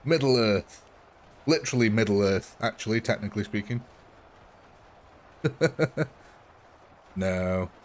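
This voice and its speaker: Chatty gaming streamer. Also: male voice, on the low side, expressive, slow pace, pauses often, a little hiss or hum. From English Midlands. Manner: chatty, laughs often. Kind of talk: live gameplay commentary.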